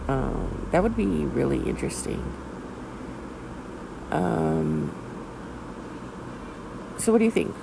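A woman's voice: low voice, animated, slow, vocal fry, long pauses, noisy background. A woman hosting a podcast in casual chat, rambling with lots of fillers and frank, a bit crude. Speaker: podcast host.

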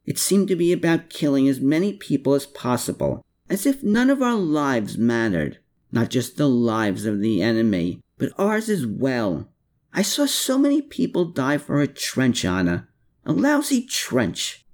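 A man's voice: mid-range voice, very animated, a little slow, darkish tone. A man reading an audiobook voices a shaken young war veteran who speaks earnestly and pleadingly. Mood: haunted, earnest. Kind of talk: audiobook character voice.

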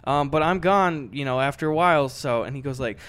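A man's voice: a little fast, clear, resonant tone. A young man co-hosting a podcast, telling a story in casual chat and acting out the people in it with big swings in his voice. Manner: animated, acts out quoted voices with big pitch swings. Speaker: podcast co-host.

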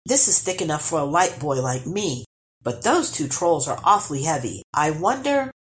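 A woman's voice: low-pitched, sing-song, moderate pace. A woman voicing a wild, cheeky young boy in a storybook, bold and taunting. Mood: thoughtful.

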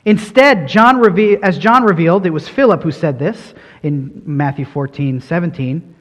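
A man preaching with a high, light voice, earnest and emphatic. His words ring out with a long reverb, as if spoken in a large sanctuary. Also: lively intonation, normal speed, fairly bright tone. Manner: earnest, emphatic, rising and falling delivery. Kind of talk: sermon.

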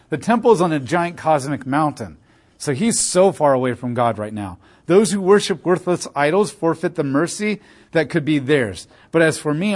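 A man delivers sermon-style Bible teaching in a voice that sits a little high. He moves between reading scripture aloud and offering casual, emphatic commentary.

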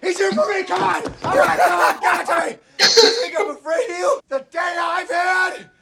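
An actor playing a hysterical male TV executive, shouting and taunting someone he thinks is Death, in a film clip with background noise. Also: extremely high pitch, fairly even intonation, moderate pace, creaky. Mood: frantic defiance.

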